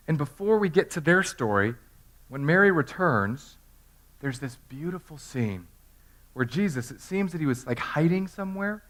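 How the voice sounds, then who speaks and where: A man in his thirties preaching an animated Easter sermon in a church, telling the story with humor and acting out voices. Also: a little high. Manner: storytelling, acts out characters in funny voices. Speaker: pastor. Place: church sanctuary.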